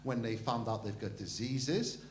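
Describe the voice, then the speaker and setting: A man voicing an upset older woman who worked as a doctor's receptionist, complaining in a low, aggrieved voice. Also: a little slow, slight background noise, natural voice. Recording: echoey room.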